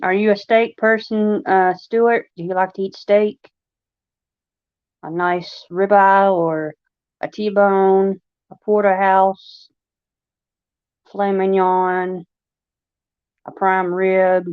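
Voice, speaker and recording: Speaking slowly with frequent pauses, this Long Island–accented livestream host has a medium-pitched, clear, resonant voice and a flat delivery. Her casual chat rambles and is full of fillers, captured in a dry, slightly dull lo-fi recording without room sound.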